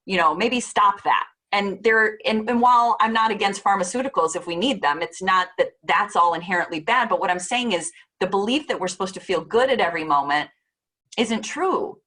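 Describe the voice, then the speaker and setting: A middle-aged woman gives a relaxed presentation in an easygoing, conversational way. Her voice sits at an ordinary middle pitch, and she slips in filler words and short voiced quotes as she goes. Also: a little fast. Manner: chatty, warm-hearted, lots of fillers and voiced quotes. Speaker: parenting speaker presenting a talk. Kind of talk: casual presentation.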